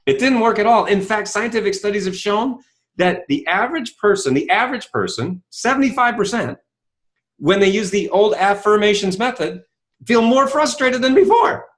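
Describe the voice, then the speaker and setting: A middle-aged man giving a motivational talk, telling a story and acting out dialogue, with many rhetorical questions. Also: sits high. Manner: animated storytelling, acts out dialogue; asks rhetorical questions, says "right?" often. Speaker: self-help speaker.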